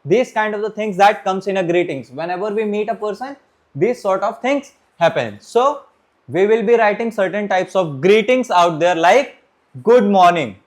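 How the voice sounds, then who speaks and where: A man teaching a beginners' French class, talking his students through the lesson and often pausing to say "okay, my friends". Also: sits high, lively intonation. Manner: repeats "okay, my friends", restarts and pauses while writing. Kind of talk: classroom lecture.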